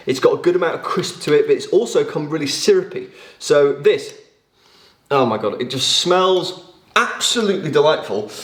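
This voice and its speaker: A man's voice: on the high side, echoey room. A man from England baking on a live home cooking stream, describing the food with rambling enthusiasm. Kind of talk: casual cooking demonstration. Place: home kitchen.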